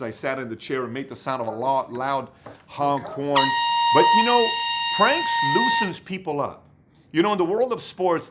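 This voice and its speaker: Animated storytelling businessman. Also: on the high side. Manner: animated, rambling storytelling with many fillers. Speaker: company leader giving business advice. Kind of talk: motivational business talk.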